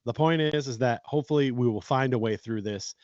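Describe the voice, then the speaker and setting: A man's voice: mid-range voice, fairly quick, a little mellow, no room sound. A man co-hosting a casual sports podcast, talking bluntly and swearing as he vents. His voice sits mid-range, and the recording is dry and a little muffled, like a cheap home mic. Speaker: podcast co-host. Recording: dull dry lo-fi sound.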